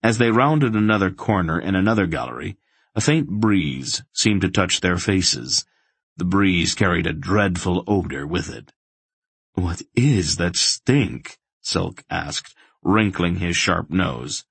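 A man narrating a fantasy audiobook in a steady, measured way. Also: low voice, gravelly, slightly rough, no echo.

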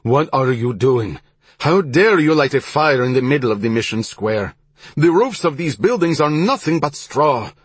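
A man's voice: medium pitch, animated, normal speed, husky, dry recording, pitched above the performer's own voice. A man voicing an outraged middle-aged friar. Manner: demanding, outraged shouting. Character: indignant middle-aged male Spanish friar.

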